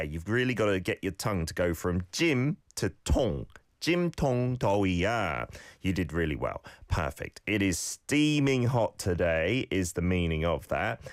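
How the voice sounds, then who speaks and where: Guy with a really low voice hosting a radio language lesson, dry close studio mic, gives friendly pronunciation tips. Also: dry recording. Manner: coaching pronunciation, friendly feedback on listener clips. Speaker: radio host teaching Korean.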